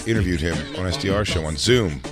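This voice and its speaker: A man's voice: deep voice, fast, loud music behind the voice. A man hosting a comedy podcast, laid-back and teasing in casual chat. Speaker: podcast host.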